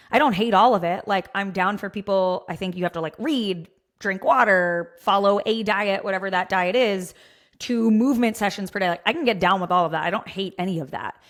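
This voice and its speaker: A woman's voice: mid-range voice, a bit bright. A woman in her thirties co-hosting a fitness podcast, giving candid opinions while thinking aloud with lots of fillers. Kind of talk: casual opinionated chat.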